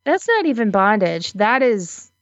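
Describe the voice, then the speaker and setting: A woman co-hosting a podcast in casual chat, animated and giggly, with drawn-out reactions. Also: medium pitch, no room sound. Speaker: podcast co-host. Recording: slightly dull, dry recording.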